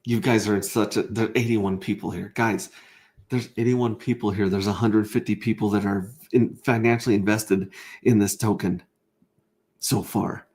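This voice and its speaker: Excitable, rambling man hosting a livestream. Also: on the low side, moderate pace. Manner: excitable, rambling, with stammered restarts. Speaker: livestream host. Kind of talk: casual livestream chat reading viewer comments.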